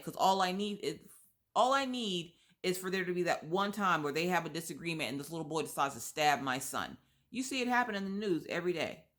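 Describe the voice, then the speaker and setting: A young adult woman telling a story in a casual chat while crocheting, blunt and sassy, acting out quotes with big pitch swings. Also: a bit bright. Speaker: vlogger.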